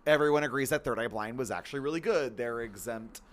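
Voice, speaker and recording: Animated young man riffing on a podcast. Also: mid-range voice, fast. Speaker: podcast co-host. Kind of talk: casual chat.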